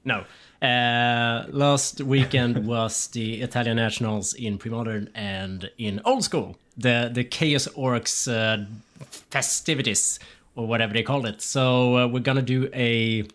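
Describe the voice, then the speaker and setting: A man's voice: mid-range voice, measured pace, a bit bright. A man with a Swedish accent co-hosting a podcast, easygoing and joking, with many fillers in casual chat. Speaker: podcast co-host.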